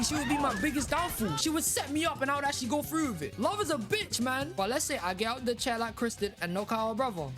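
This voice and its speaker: London man narrating over music. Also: very high-pitched. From London, England. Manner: animated, incredulous, rises sharply on punchlines. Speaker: video narrator. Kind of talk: scripted comedic commentary.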